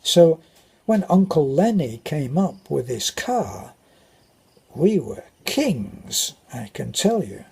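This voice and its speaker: A man's voice: on the high side, very animated, takes it slowly, gravelly, warm tone, husky. An older British man telling rambling stories about his childhood. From Britain. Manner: rambling, anecdotal, with restarts. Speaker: vlogger. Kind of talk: casual storytelling.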